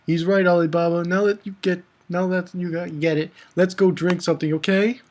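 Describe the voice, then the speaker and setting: A man hosting a casual manga review vlog. He laughs often and swings between loud outbursts and mumbled asides. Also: high voice, flat delivery, a little fast, hardly any pauses. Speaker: manga reviewer, channel host.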